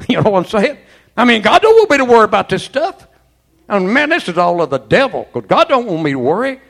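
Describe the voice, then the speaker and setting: A man's voice: sits high, sing-song, quick pace, a bit bright. A man preaching a sermon as pastor, fervent and folksy, peppering his talk with amens and praise. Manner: folksy, colloquial storytelling.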